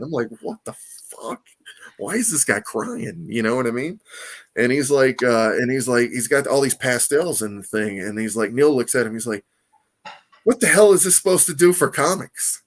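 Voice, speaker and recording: A man telling a story in a casual interview, animated and profane, acting out quoted voices and laughing often. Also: medium pitch. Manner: animated, profane, lots of "you know what I mean". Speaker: comic artist guest.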